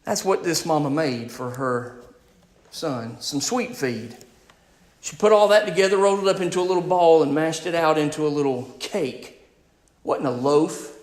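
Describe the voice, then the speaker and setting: High-voiced preacher in an echoey hall. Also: male voice, moderate pace, a little mellow. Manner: emphatic, rising and falling in volume, speaks directly to the congregation. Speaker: pastor. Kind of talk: sermon.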